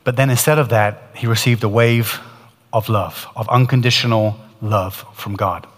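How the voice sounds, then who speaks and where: A man's voice: on the low side, fairly even intonation, moderate pace, big-room sound. A man preaching, retelling a testimony in earnest, building storytelling with frequent restarts. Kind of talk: storytelling sermon.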